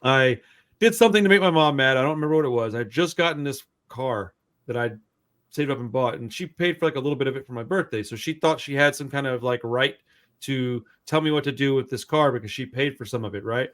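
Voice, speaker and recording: A man hosting a podcast, telling a long story in a loose, profane, animated way. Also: medium pitch, fast. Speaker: podcast host. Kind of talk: casual storytelling chat.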